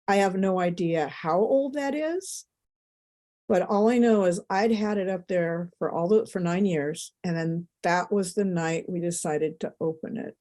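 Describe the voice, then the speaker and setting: A woman's voice: on the low side, measured pace, warm tone. A middle-aged woman, a podcast guest, telling a personal story in an emotional, rambling way with many asides.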